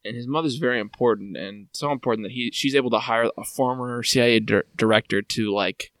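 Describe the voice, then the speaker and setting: A man's voice: mid-range voice, brisk, a bit bright, no room sound. A man co-hosting a podcast in casual chat, sarcastic and exasperated as he retells film scenes. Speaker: podcast co-host.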